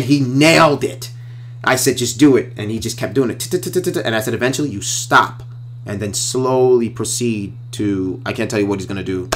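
A man's voice: mid-range voice, a little hiss or hum. A filmmaker talking casually and enthusiastically to his viewers, often repeating himself as he explains how a scene was made. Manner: enthusiastic, repetitive, talks to viewers directly. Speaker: filmmaker reviewing his own trailer. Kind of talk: casual video commentary.

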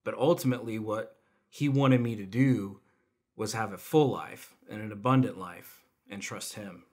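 During a church's online service, a young adult man volunteering as a speaker offers his personal testimony. His voice is fairly low and somewhat dark, at an ordinary pace, and he tells his stories with self-mocking humor and laughter.

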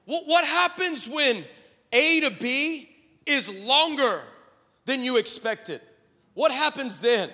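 A man preaching a sermon as pastor, telling stories and building to emphatic, shouted declarations. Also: extremely high pitch. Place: church sanctuary. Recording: long reverb of a large hall.

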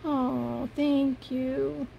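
Slow, gravelly-voiced woman gushing softly. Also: high voice, level tone, muffled recording, a little hiss or hum. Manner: gushing, soft-spoken, admiring each item. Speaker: paper craft vlogger. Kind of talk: casual unboxing commentary.

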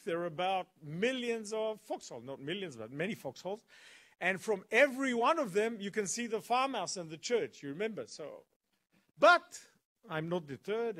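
A man telling a story to a college audience as a guest speaker. His voice sits a bit high and leaps up and down as he builds suspense with pauses. He tells it with dramatic swings. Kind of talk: animated storytelling lecture. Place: college event.

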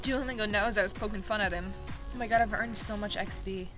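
A woman vlogging in a casual commentary style, excitable and self-mocking, reacting quickly as she plays. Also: mid-range voice. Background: background music.

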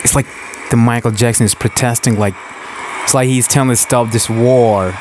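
A man's voice: mid-range voice, fairly even intonation, a little fast, noisy background. A man hosting a reaction video, talking casually and earnestly, with lots of wows and exclamations. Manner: exclaiming, earnest, repeats wow and yo. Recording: music playing loudly behind. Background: concert music from video being watched.

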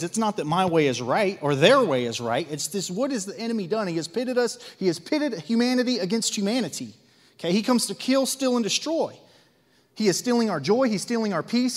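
A Midwestern American man preaching in a church sanctuary, his fairly high voice ringing with a long hall reverb. He jumps from fiery, emphatic bursts to quiet confiding asides and keeps pressing the congregation with rhetorical questions. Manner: swings between loud zealous outbursts and hushed asides; rhetorical questions, repetitions and acted-out quotes. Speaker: lay preacher. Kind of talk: sermon.

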